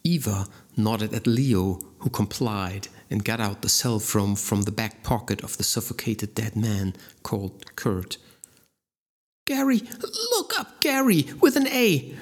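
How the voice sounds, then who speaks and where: A man narrating an action audiobook in a steady, measured way. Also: fairly low pitch.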